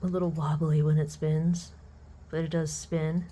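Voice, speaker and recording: Excitable chatty woman, low mellow voice. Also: a little slow, slightly rough. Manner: chatty and excitable, drops to soft murmurs. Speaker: unboxing vlogger. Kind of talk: casual unboxing chat.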